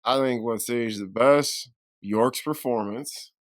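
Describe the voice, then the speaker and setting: A man co-hosting a film podcast in casual chat, animated and quick to swear and get worked up. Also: medium pitch, no room sound, clean studio sound. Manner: animated, swears a lot, gets loud and excited. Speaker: podcast co-host.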